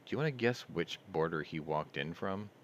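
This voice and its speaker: A man's voice: sits low, expressive, fairly quick, dull audio. A man hosting a casual livestream, reading news headlines aloud and riffing on them with sardonic asides. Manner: sardonic, reads headlines then riffs on them.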